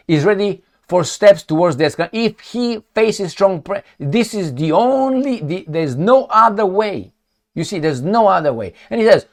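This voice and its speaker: A man giving opinionated political commentary, sarcastic and mocking, full of rhetorical questions and restarts. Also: fairly high pitch. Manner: speaks in short bursts with frequent restarts and rhetorical questions.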